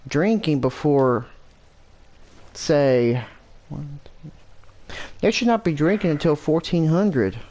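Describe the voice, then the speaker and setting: A man's voice: a little high, a little mellow. A man giving casual commentary while playing a hunting game, thinking aloud and muttering to himself. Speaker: gameplay commentator.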